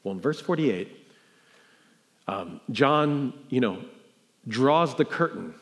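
A man's voice: medium pitch, animated, takes it slowly, fairly bright tone. A man preaching a sermon as pastor, conversational with fillers and restarts, building to incredulous emphasis.

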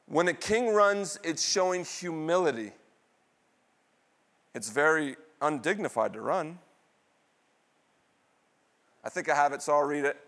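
A middle-aged male pastor preaching with a slightly high voice. He throws questions out to the congregation and answers them himself. He swings from loud, excited bursts down to low, hushed asides. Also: a little slow, long pauses. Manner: call-and-response questions, dramatic swings in pitch and loudness. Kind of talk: sermon.

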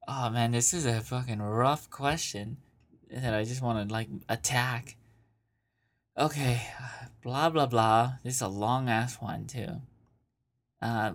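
A man's voice: medium pitch, fairly even intonation, a little slow. Crude mocking man reading listener letters. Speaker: podcast host reading listener questions. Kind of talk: casual profane advice commentary.

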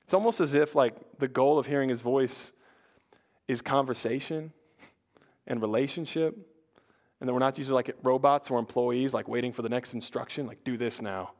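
A man's voice: mid-range voice, steady tone, moderate pace, a little mellow. A young man preaching a conversational sermon, casual and chatty, often restarting his sentences and saying "like". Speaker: pastor.

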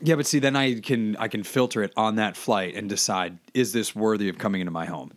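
A man trades loose, joking talk as a podcast co-host. His voice sits on the low side. The sound is dry and close, with little room. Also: brisk, no echo. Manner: joking, rambling. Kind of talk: casual chat.

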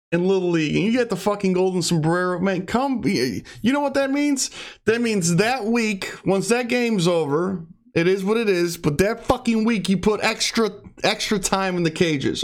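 Blunt, profane man ranting. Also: high-pitched. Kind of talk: casual monologue.

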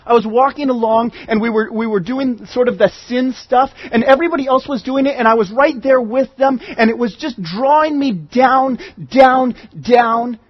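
A man's voice: very high voice, moderate pace, few pauses, dull audio. A man preaching a sermon as pastor, earnest and conversational, often restarting his phrases.

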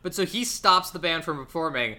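A woman's voice: sits low, lively intonation, brisk, pushed and bright. A young woman co-hosting a podcast, chatting casually about a movie, with frequent restarts. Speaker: podcast co-host. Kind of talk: casual chat recapping a movie.

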